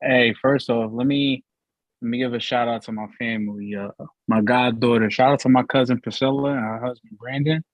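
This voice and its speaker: A man co-hosting a sports talk show, teasing his partner with animated trash talk. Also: medium pitch, a little fast, no room sound, lo-fi sound. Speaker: co-host.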